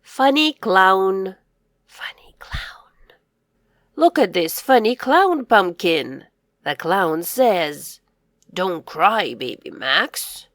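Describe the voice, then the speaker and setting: A woman leads a children's reading lesson at a very slow pace. Her pitch rises and falls in a lively, sing-song way, and she echoes each new word in a soft whisper. The recording is dry and close. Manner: slow, clear, encouraging delivery for young learners. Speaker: reading teacher.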